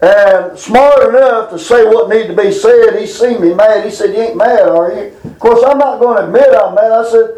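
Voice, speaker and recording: A middle-aged man giving a casual Bible lesson, rambling through folksy stories and reading scripture slowly. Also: sits high, mellow, rough recording. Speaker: Bible teacher.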